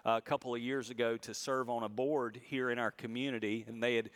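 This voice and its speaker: Pastor preaching with rising emphasis. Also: male voice, mid-range voice. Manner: expressive preaching, rising loud for emphasis and slowing on key phrases. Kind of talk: sermon.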